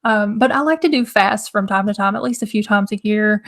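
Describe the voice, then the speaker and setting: A young woman hosting a casual live stream, her throat hoarse and scratchy, chatting loosely and greeting viewers in the chat. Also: medium pitch, fairly quick, a bit bright. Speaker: livestream host.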